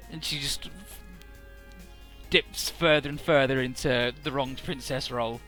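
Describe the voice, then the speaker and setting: A man's voice: mid-range voice, steady tone, measured pace, bright, forceful tone, faint music behind. A man casually recapping a video game's story in a rambling, irreverent way with lots of fillers. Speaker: let's play narrator. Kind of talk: casual game recap narration.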